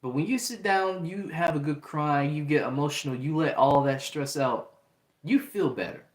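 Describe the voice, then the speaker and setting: A man's voice: on the high side, normal speed. A young man hosting a livestream, talking in an earnest, repetitive way and reading out chat comments. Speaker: livestream host. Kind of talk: casual livestream talk. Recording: roomy echo.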